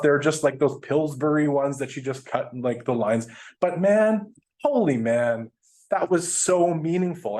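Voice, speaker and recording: A man, a guest speaker telling a personal story in a chatty, animated way, laughing now and then. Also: a little high. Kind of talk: storytelling presentation.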